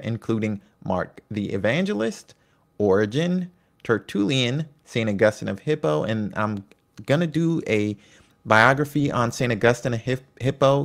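A man presenting a casual lesson on church history, talking conversationally with asides and personal anecdotes. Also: medium pitch. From United States. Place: home in Virginia.

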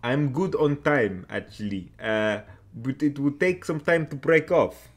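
A man voicing a young female flatmate in a high falsetto, with a put-on French accent that drifts into other European accents as he reads a visual novel aloud. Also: moderate pace. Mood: breezy.

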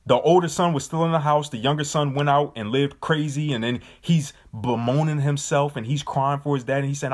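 A man's voice: medium pitch, fairly even intonation, brisk, few pauses. A man leading a Bible study, speaking emphatically and casually and often asking his listeners whether they understand. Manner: emphatic, casual, with repeated rhetorical questions.

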